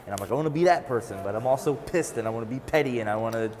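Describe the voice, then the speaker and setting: Fast-talking man telling a rambling story. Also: mid-range voice, a little mellow, long reverb tail, a little hiss or hum. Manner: rambling, self-mocking, quotes his own thoughts. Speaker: interviewee, open mic performer. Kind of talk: casual storytelling. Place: art gallery opening.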